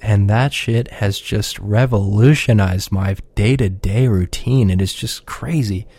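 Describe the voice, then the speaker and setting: A man with a lowish, warm, mellow voice, rambling loosely and cursing often as he chats on his own show. His delivery is relaxed and unpolished, recorded close and dry with no room sound. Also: unhurried, slightly rough, no echo. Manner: profane, rambling, laid-back. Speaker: podcast regular. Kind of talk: casual rambling chat.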